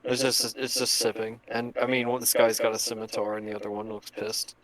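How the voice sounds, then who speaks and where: A man's voice: medium pitch, completely flat delivery, fairly quick, fairly bright tone, rough recording. A man playing a tabletop game, laid-back and understated. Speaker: player. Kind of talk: casual tabletop play.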